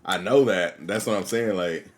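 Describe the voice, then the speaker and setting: A man's voice: low-pitched, moderate pace, a little hiss or hum. A man streaming a game live, chatting casually with his viewers in laid-back slang and laughing often. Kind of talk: casual live-stream chat while gaming.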